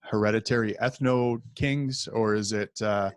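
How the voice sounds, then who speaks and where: A man hosting a casual discussion, speaking in a measured way and summarizing his guest's points. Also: on the low side, fairly even intonation, dry recording, clean studio sound. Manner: measured, summarizing, brief acknowledgments. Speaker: podcast host.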